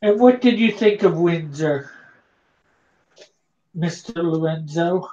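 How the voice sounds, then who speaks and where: A relaxed stream host from Canada talks casually while reading viewer comments aloud. The voice sits at a middling pitch. The sound is somewhat dull and lo-fi. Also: slow. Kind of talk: casual chat on a live drawing stream.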